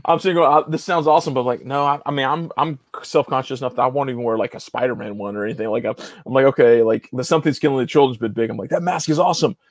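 A man's voice: medium pitch, fairly even intonation, racing, few pauses, no echo, studio quality. A man hosting a casual interview over a video call, chatty, laughing often and repeating his words. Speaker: interviewer and channel host.

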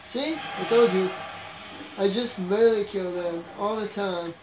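A man giving profane, excitable live commentary over his gameplay, trash-talking the players he beats. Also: high-pitched, unhurried. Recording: roomy, noisy home recording.

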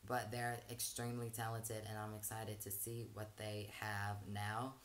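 A man's voice: fairly low pitch, monotone, measured pace, slight background noise. A man hosting a reaction vlog, chatting casually and loosely, with frequent "um" fillers between phrases. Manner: loose and rambling, frequent "um" fillers and soft laughs. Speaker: reaction channel host.

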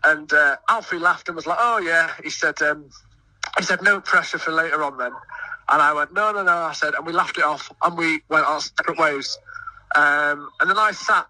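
A young man who sings in a choir and volunteers at a festival, talking excitedly in a radio interview and often stumbling over his words. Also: fairly high pitch, normal speed, dry recording, recorded from a distance, low-quality recording. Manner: eager, stumbling restarts. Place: busy outdoor festival field.

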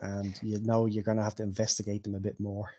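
A man's voice: lowish voice, monotone, quick pace, dark tone, muffled recording. A man narrating as game master of a tabletop game, laughing often.

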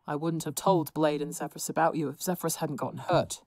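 A woman's voice: low voice, fairly even intonation, fast, darkish tone, no room sound. A woman voicing a sheepish young male supervillain who speaks in an apologetic, hesitant way.

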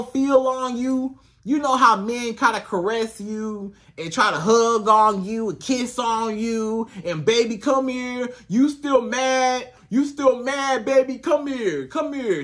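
A man's voice: sits high, fairly bright tone. A man coaching on relationships in a casual, emphatic monologue straight to the viewer, repeating his points. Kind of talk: direct-to-camera advice monologue.

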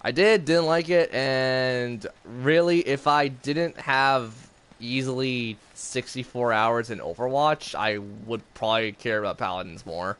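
A man's voice: mid-range voice, measured pace, a bit bright, clean tone. A man chatting casually in a rambling way while streaming gameplay. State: has the hiccups. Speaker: gaming streamer.

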